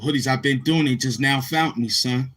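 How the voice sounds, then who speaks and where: A man's voice: mid-range voice, moderate pace, fairly bright tone. A man with a Brooklyn accent hosting a casual stream, chatting in slang and rapping bars. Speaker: YouTube host. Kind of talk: live-stream freestyle and chat.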